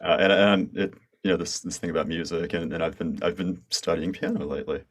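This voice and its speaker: Very deep-voiced American man hosting. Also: fairly even intonation, a little fast. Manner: enthusiastic, stammering restarts. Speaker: podcast host. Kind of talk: casual interview conversation.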